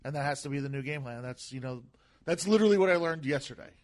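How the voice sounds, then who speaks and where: A comedian chats on a podcast in a fairly high, soft voice that comes across as gentle rather than tough. He talks fast with lively intonation, rambling, repeating words and restarting his sentences again and again.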